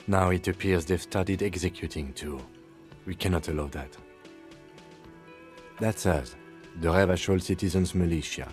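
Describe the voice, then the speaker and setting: A man playing a calm, precise police lieutenant. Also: low voice, normal speed, long pauses, faint music behind, natural voice. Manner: composed, precise, dry. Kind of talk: video game voice acting.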